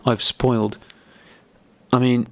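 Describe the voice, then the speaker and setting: A man's voice: mid-range voice, flat delivery, takes it slowly, vocal fry. A man voicing an emotional young noblewoman who is tearful and agitated, speaking in an anxious, pleading way. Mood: confessing.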